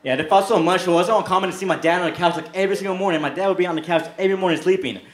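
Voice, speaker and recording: A young man doing a stand-up comedy set, telling deadpan stories and breaking into brief put-on voices. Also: high voice, racing. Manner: deadpan storytelling with brief shouted character bits. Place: comedy club stage. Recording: echoey club with loud crowd.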